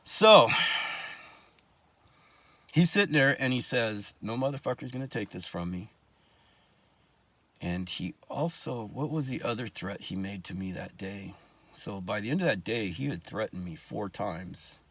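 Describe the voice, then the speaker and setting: A man's voice: on the low side, expressive, measured pace, fairly bright tone. A man telling his own life story in casual talk, blunt and profane, with angry asides.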